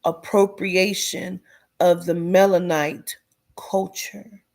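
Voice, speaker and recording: A woman's voice: lowish voice, flat delivery, slow, a little mellow. A woman giving a blunt, profane commentary rant, dropping into whispers for emphasis. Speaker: commentary vlogger.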